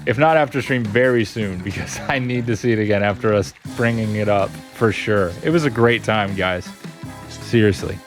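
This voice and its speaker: A man's voice: lowish voice, moderate pace, hardly any pauses, soft background music. A man streaming a platform game, chatting casually with his viewers and laughing often. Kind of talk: casual gameplay chat with chat readers.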